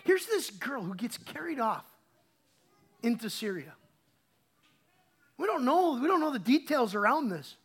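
A man in his thirties preaching a casual, conversational sermon, swinging from quiet asides to emphatic bursts and often repeating words as he restarts. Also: very high voice, very animated, measured pace, long pauses, breathy edge. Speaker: pastor.

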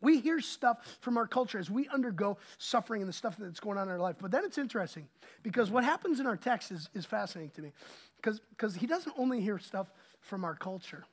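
A man preaching a sermon as pastor, swinging between loud emphasis and hushed asides. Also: sits high, lively intonation, a little fast.

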